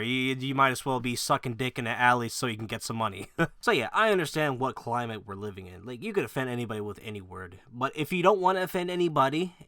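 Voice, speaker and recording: A man's voice: medium pitch, bright, forceful tone, no room sound, clean studio sound. A man giving a blunt, profane opinion rant to his viewers, rambling with fillers and laughing between points. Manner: loose rambling with restarts and fillers. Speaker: gaming video creator. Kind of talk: casual opinion rant to camera.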